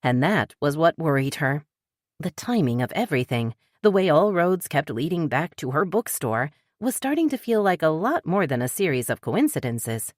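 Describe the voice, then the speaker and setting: A woman narrating a cozy mystery audiobook with lively character reading. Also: low voice, normal speed, dry recording, studio quality. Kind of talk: scripted narration.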